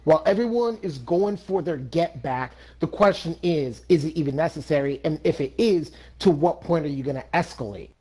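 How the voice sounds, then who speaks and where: A man's voice: a little high, lively intonation, normal speed, few pauses, dark tone, breathy edge. A man in a casual chat, talking in a reflective, lecturing way and quoting old sayings.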